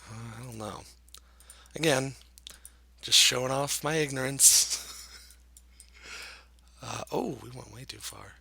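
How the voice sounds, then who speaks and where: Gravelly, husky man musing over a game. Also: medium pitch, slow, pauses often, sharp tone, no echo. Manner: musing, self-deprecating, thinks aloud with frequent hesitations. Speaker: gameplay commentator. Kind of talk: casual let's-play commentary.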